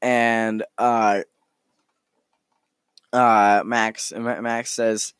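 A man's voice: on the low side, little pitch movement, extremely slow, fairly bright tone, clean tone, dry recording, clean studio sound. A man recounting a tabletop game session in a hesitant way, full of fillers and restarts. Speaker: storyteller.

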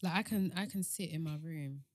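A woman close to thirty talks openly in a casual conversation. Her voice is on the low side and recorded close and dry. She rambles and repeats herself, candid and unguarded. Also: moderate pace, no room sound. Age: 30s. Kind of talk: casual heart-to-heart chat.

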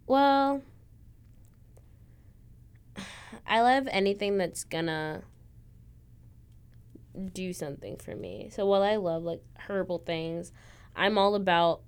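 A woman hosting a podcast in casual chat, enthusiastic and quick to laugh, a little husky from coffee. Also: mid-range voice. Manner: chatty, enthusiastic, laughs often. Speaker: podcast host.

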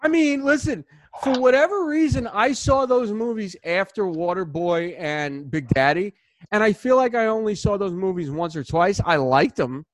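A man hosting a sports podcast, chatting casually in an animated, rambling way full of restarts. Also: sits high, moderate pace, no echo. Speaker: podcast host.

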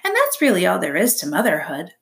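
A woman voicing a bossy, blunt old female goose in a storybook reading, talking in a brisk, scolding way. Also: on the low side, wildly swooping pitch, vocal fry, fairly bright tone, exaggerated voice.

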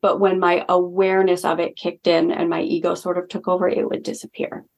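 A young woman with a lowish, gravelly voice recounts a personal experience in a casual podcast conversation. She talks in an earnest, chatty way, full of "like" fillers. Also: level tone, a little fast, a little mellow. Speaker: guest, holistic healing practitioner. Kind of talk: casual storytelling in a podcast interview.

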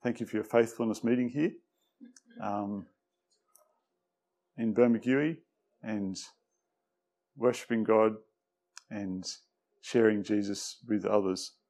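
A man giving a conversational sermon with many pauses and fillers, sometimes dropping quiet. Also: lowish voice. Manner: relaxed, hesitant, many fillers; tends to drop quiet. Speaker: preacher. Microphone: microphone.

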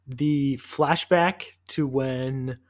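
A man's voice: medium pitch, fairly even intonation, very slow, crowd noise. A man co-hosting a podcast in casual chat, rambling enthusiastically with many "like"s. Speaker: podcast co-host.

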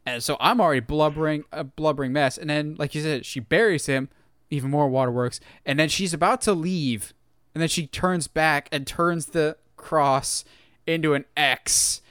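A man co-hosting a casual podcast, retelling scenes in an animated way and acting out the lines. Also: on the high side, normal speed, clear, resonant tone, dry recording, studio quality. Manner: animated storytelling, acts out quotes. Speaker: podcast co-host. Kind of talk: casual chat.

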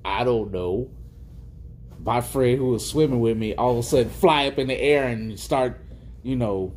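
A man's voice: medium pitch, normal speed, darkish tone, a little hiss or hum. A man co-hosting a podcast in casual chat, joking and swearing freely as he talks. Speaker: podcast co-host.

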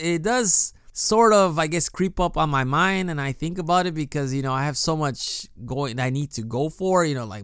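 A man's voice: fairly high pitch, smooth, dry recording, studio quality. A man hosting a casual solo podcast, telling a story in a chatty way with restarts and "you know" fillers. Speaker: podcast host. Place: lives in Japan.

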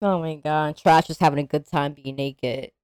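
A woman co-hosting a podcast, chatting about a movie in an animated way, laughing often and acting out quotes. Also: deep voice, normal speed, clean tone, no room sound, clean studio sound. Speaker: podcast co-host. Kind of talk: casual movie discussion.

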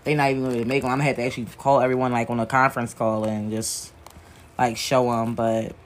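A woman's voice: a bass voice, flat delivery, fast, slight background noise. Grieving woman talking frankly while sewing. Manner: frank, rambling, emotional, swears freely. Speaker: wig maker working while talking. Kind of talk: candid talk to camera while working.

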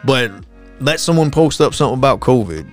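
Man, podcast host, casual profane rant, animated, faint music behind. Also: medium pitch, fairly quick. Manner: profane, animated, mocking impressions.

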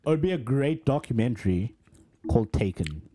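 A man's voice: medium pitch, lively intonation, a little fast, mellow. A young man co-hosting a podcast, rambling through casual chat with lots of fillers. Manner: rambling, filler-heavy, laughs easily. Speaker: podcast co-host.

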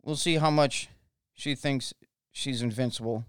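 An American podcast host delivers an angry, profane political monologue, repeating himself and stumbling into restarts. His medium-pitched voice is clear and resonant at a measured pace, recorded in a clean studio with no echo.

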